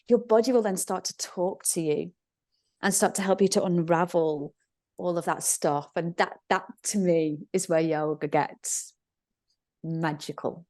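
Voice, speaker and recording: A woman's voice: fairly low pitch, normal speed, a little mellow. A middle-aged woman, a podcast guest who teaches yoga, telling stories animatedly and acting out inner voices. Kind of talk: conversational podcast interview.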